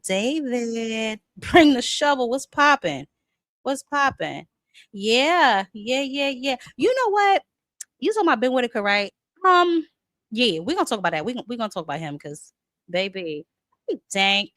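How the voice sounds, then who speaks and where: A woman's voice: mid-range voice, lively intonation, moderate pace, a bit bright, dry recording, poor audio. A woman hosting a boxing talk show in a casual live-stream chat, sassy and chatty, calling viewers "honey" and "child" and greeting them by name.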